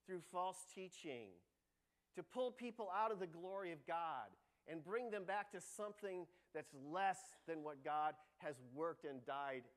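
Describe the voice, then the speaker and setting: Man pastor, sermon, fairly high voice, lively and emphatic delivery. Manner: animated, shifts to loud excited voice when quoting Jesus. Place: church sanctuary.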